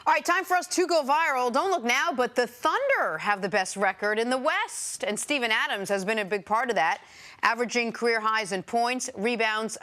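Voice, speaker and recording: Brisk woman sports show host. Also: fairly high pitch, fairly bright tone. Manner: brisk, segue-driven.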